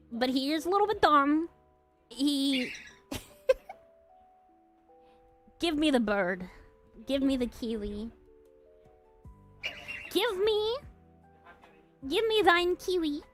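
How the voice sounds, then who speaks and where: Giggly woman streamer, slightly high voice. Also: a bit bright. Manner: giggly, playful and rambling. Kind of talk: casual stream chat.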